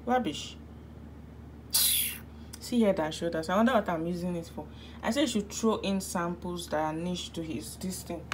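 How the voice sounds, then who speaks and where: Slow-talking Nigerian woman vlogging at home. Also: fairly low pitch, a little hiss or hum. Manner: chatty, dramatic asides, sometimes drops to a whisper. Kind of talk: casual vlog chat. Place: her bedroom at home.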